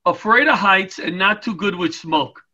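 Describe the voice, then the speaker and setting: A middle-aged man tells stories as an interview guest, his voice pitched high. He talks in a bright, forceful way and slips into voices for the people in his anecdotes. He is heard over a video call. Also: moderate pace, lo-fi sound. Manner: animated, comic, acts out voices in anecdotes. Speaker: guest, retired firefighter and comedian. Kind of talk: storytelling interview chat.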